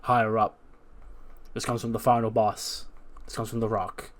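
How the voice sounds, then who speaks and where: A man voicing a polite male security guard who speaks quietly and firmly. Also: level tone, normal speed, close to an everyday voice. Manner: polite, apologetic, low-key.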